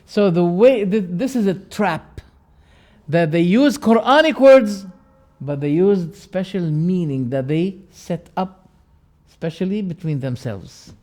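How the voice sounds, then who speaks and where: A man teaching a lecture on religious creed, emphatic and repeating key words, with sharp rises and quiet drops. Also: high voice, animated, slow.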